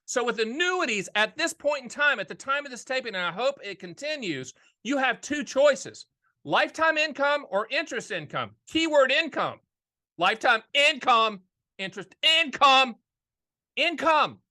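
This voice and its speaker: A middle-aged man who hosts a casual, straight-talking show about annuities, talking in an energetic, folksy way and repeating his key phrases. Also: extremely high pitch, moderate pace. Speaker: annuity agent and show host. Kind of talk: casual straight-talk explainer.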